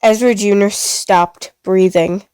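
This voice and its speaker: A woman narrating a story in a steady, plain reading voice. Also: medium pitch, slow, clean tone, no room sound.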